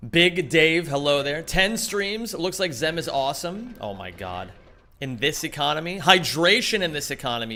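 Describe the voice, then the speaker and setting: A man's voice: medium pitch, bright, forceful tone, a little hiss or hum. A man streaming live, chatting casually with his viewers, greeting them by name and swearing freely as he plays.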